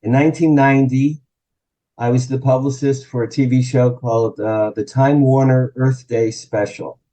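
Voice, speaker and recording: A man from New Jersey in his sixties, telling an animated anecdote as a guest on an interview show and acting out the quotes. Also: medium pitch, moderate pace, low-quality recording. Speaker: guest, publicist and author. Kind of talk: storytelling in an interview.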